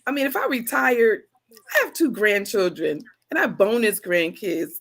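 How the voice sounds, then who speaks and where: A woman's voice: mid-range voice, very animated, moderate pace, a bit bright, breathy edge. A woman in her sixties co-hosting a podcast, chatting casually and bantering with her daughter. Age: 60s. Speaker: podcast co-host. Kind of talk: casual chat.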